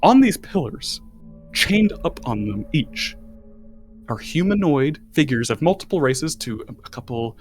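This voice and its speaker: A man's voice: fairly high pitch, expressive, measured pace, faint music behind. A man running a tabletop game as game master, describing scenes in a rambling way.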